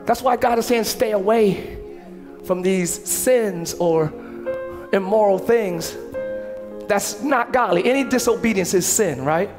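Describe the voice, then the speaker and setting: A man preaches to his congregation with a strikingly high voice, swinging between casual slangy asides and shouted, animated passages. Steady music plays underneath him in the church sanctuary. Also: measured pace. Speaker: pastor. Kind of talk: sermon.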